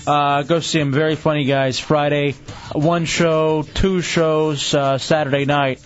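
A blunt male radio host with a fairly high voice bickers with his co-hosts and reels off promos in a quick, exasperated way. The sound is dull and lo-fi. Faint music plays underneath. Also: little pitch movement. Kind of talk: radio talk show banter and plugs.

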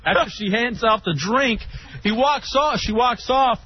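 A man's voice: high-pitched, moderate pace, slight background noise. A man hosting a radio show, telling stories in loose, joking banter into a studio mic. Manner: lively, joking storyteller. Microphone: studio mic with headphones. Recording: dull lo-fi radio sound.

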